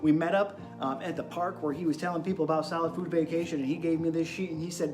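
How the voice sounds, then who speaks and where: A young man hosting an energetic wellness monologue, firing rhetorical questions at his viewers in an excitable way. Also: a little high, fast talker, few pauses. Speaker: host. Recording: echoey room with music behind.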